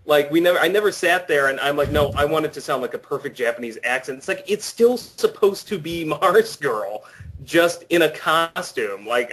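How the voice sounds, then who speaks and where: A man's voice: a little high, fairly bright tone, husky. A young man in a casual panel interview, speaking emphatically and with some indignation. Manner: opinionated, emphatic, slightly indignant. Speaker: co-writer interviewed about his film.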